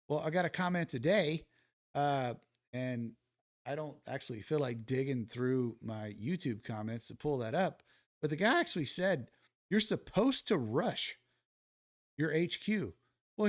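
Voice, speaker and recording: A man recording casual ad-lib commentary over mobile game footage for his channel, blunt and swaggering, firing rhetorical questions at his viewers. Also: mid-range voice. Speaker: gaming YouTuber.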